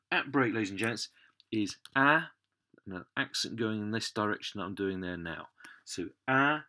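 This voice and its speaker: A man gives a patient French lesson, leaning on each word he teaches. His voice sits on the low side and he takes his time. Faint keyboard clicking is heard behind him. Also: bright, forceful tone, slight background noise. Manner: patient, stresses French words, addresses "ladies and gents". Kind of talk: slow explanatory lesson.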